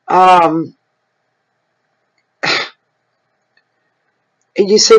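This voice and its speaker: A man's voice: a little high, measured pace, poor audio. A middle-aged man giving a general tarot reading to camera, talking frankly and bluntly in a loose, conversational way. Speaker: tarot reader.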